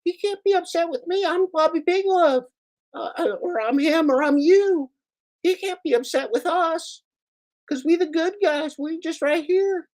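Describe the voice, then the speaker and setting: A man's voice: very high-pitched, measured pace, darkish tone, voice pushed up. A man putting on a whiny, mocking male voice that repeats sarcastic taunts in a sing-song way. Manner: sarcastic, wheedling, repetitive taunts.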